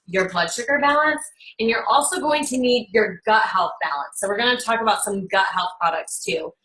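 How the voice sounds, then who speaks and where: A woman's voice: mid-range voice, normal speed, bright, forceful tone, a little hiss or hum, low-quality recording. A woman in casual chat on a live call, recommending products and acting out quoted talk. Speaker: product presenter.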